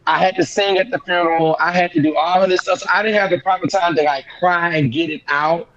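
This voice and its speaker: A young man telling a painful family story in an interview, halting and repeating himself, his voice rising when he relives the shock. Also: high-pitched, steady tone, muffled recording, over a noisy crowd. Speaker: guest singer.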